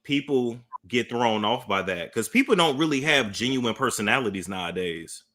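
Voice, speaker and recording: A young man guest in a casual podcast chat, a lively storyteller who laughs and swears casually. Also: mid-range voice, moderate pace.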